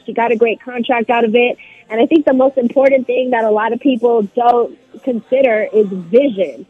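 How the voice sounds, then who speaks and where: Female sports reporter guest, husky voice, confident analysis, tinny phone line. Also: fairly high pitch, dry recording. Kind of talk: phone interview.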